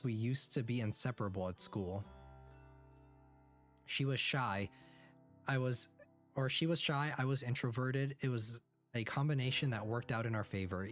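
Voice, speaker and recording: A man of middle pitch reads a visual novel aloud in first person, stopping now and then to react. Faint music plays under his voice. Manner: narrates in first person, breaks off for quick reactions. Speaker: streamer.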